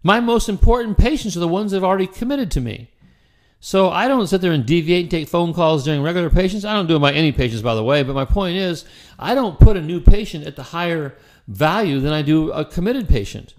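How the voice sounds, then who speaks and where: A man's voice: fairly high pitch, animated, fast talker. A middle-aged man coaching chiropractors in a casual, conversational style that often repeats words and restarts sentences. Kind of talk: casual instructional talk.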